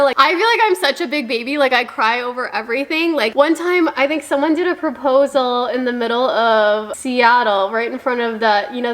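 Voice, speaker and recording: A woman's voice: high voice, a bit bright. A young adult woman telling a casual storytime vlog, gushing and filler-heavy, quoting herself as she talks. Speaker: vlogger.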